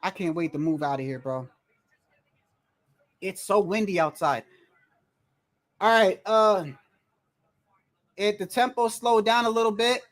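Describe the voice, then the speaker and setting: A livestream host giving casual, excitable fight commentary from home, full of slang, cursing and restarts. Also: mid-range voice, unhurried, long pauses. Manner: excitable, loud outbursts, frequent slang and cursing; rambling restarts and repeated words. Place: indoors at home, wind and street heard outside.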